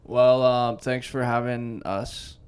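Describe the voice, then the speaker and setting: A man's voice: medium pitch, steady tone, slow, a little mellow, slight background noise. A young adult man co-hosting a podcast, joking in a laid-back, casual way. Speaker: podcast co-host. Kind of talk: casual chat.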